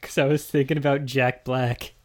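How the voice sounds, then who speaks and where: A laid-back man in casual podcast chat, wry and inclined to question the story. His voice sits at a middle pitch for a man. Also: flat delivery, moderate pace, a little mellow.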